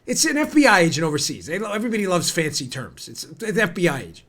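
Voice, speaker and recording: Host, male, 40s, American, high-pitched and heated, indignant political commentator. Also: big pitch swings, quick pace. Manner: heated and indignant, rising to near-shouting. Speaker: podcast host.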